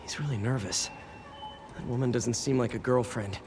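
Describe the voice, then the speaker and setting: A man's voice: mid-range voice, natural voice. An actor playing a young masked superhero who jokes as he works, in a video game. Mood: focused. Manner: quick, wisecracking. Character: young male masked superhero, joking and upbeat. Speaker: game character. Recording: game audio under loud music.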